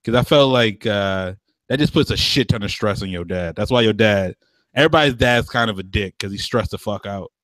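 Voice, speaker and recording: A man's voice: on the low side, brisk, fairly bright tone, dry recording. A young man co-hosting a podcast, chatting loosely, swearing and laughing often. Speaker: podcast co-host. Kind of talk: casual chat.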